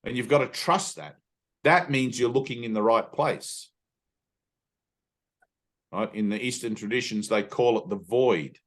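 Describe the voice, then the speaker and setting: A man's voice: medium pitch, unhurried, pauses often, a bit bright. Emphatic man teaching a spiritual talk. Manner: earnest, emphatic, swears casually; frequent "right?" tag questions.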